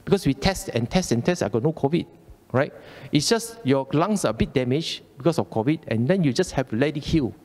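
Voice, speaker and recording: A man's voice: a little high, expressive, a little fast, darkish tone, long reverb tail. A man with a Malaysian English accent giving an informal Dhamma talk, chatty and colloquial, often repeating phrases and asking "okay?". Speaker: Buddhist Dhamma speaker. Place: temple hall.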